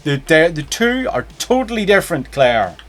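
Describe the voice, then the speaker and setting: A man's voice: a little high, very animated, moderate pace. A man chatting and joking casually while streaming a game. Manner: joking, rambling, playful. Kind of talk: casual gameplay stream chat.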